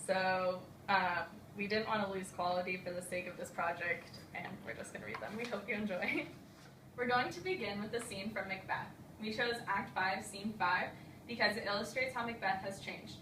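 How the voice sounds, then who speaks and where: A woman's voice: medium pitch, normal speed. A young woman student reading a prepared class presentation, with casual asides. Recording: roomy echo, distant mic, faint hiss.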